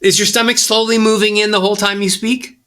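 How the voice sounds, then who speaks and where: A middle-aged man, a voice coach, teaching in a podcast interview and showing tips with his own voice. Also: quick pace. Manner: animated teacher, swoops pitch up and down to demonstrate. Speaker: voice coach guest.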